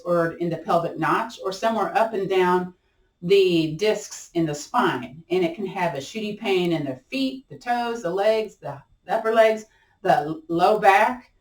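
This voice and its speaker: A woman instructor leading a gentle chair yoga class, chatty and playful, often laughing and encouraging. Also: fairly low pitch, far from the mic. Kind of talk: guided exercise class. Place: room at home. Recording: roomy sound from off-mic.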